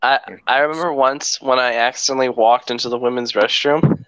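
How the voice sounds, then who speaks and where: A man's voice: medium pitch, fairly even intonation, brisk, fairly bright tone, smooth, dry recording, low-quality recording. A man chatting casually in an online voice chat, hesitant and full of fillers.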